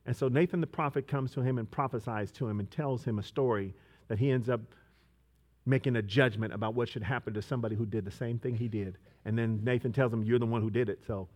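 A man preaching a sermon, moving between quiet storytelling and loud, emphatic preaching with repeated rhetorical questions. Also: mid-range voice.

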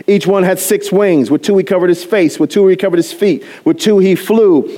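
A man preaching a sermon, animated and chatty, often laughing and poking fun at himself as he talks to the congregation. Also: high-pitched, moderate pace. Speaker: pastor.

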